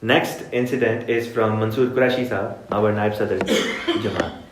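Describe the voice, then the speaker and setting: A man with a fairly low voice gives an evening religious talk, retelling anecdotes in an easygoing, conversational way. He often turns to speak directly to his listeners. The sound carries the echo of a large, roomy mosque hall. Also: normal speed, slight background noise. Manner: relaxed anecdotal storytelling, addressing the audience directly. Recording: echoey room.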